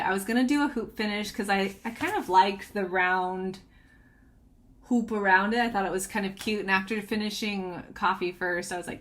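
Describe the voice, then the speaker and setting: A woman's voice: medium pitch, fairly quick, fairly bright tone. A woman chatting casually about her cross-stitch projects, bubbly and giggly, rambling with restarts. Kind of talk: casual chatty show-and-tell.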